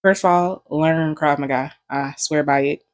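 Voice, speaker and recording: A woman's voice: sits low, steady tone, moderate pace, no echo. Young woman vlogger, casual storytelling, profane and joking, dry close sound.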